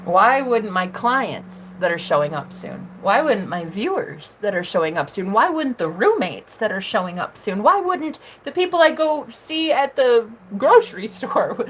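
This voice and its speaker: Sassy, animated woman livestreaming. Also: medium pitch, slight background noise. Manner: sassy, swearing, talks to herself and chat. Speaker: tarot reader and livestream host. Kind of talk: casual livestream monologue.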